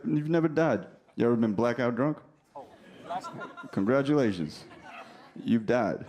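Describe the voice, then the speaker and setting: On a comedy club stage, a man in his thirties does a brash, profane stand-up set, teasing the crowd. His mid-range voice has lively intonation and vocal fry, and he's unhurried with frequent pauses. The live recording picks up a faint crowd.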